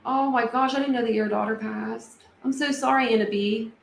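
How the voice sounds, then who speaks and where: A woman's voice: a little high, fairly even intonation, moderate pace, vocal fry. Chatty woman livestreaming in an echoey room. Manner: chatty, emotional, many fillers. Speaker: livestream host. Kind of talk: casual livestream chat reading comments. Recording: echoey room with faint ambient noise.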